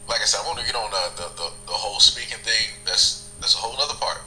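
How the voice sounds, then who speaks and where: Low, bright-toned man rambling in commentary. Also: fast, faint music behind, poor audio. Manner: rambling, repeats phrases. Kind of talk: casual commentary.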